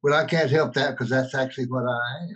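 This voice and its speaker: A man's voice: medium pitch, steady tone, brisk, fairly bright tone. A man calling in to a talk show, bemused and laughing as he stumbles over his words. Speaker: caller. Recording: dull lo-fi call line.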